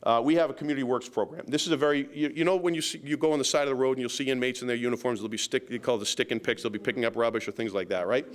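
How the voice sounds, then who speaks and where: A man talks at a local meeting as a county sheriff. His voice is smooth and resonant, at an ordinary pitch for a man. He tells his story in a loose, rambling way, with many fillers and a self-deprecating humor. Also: rapid-fire, few pauses.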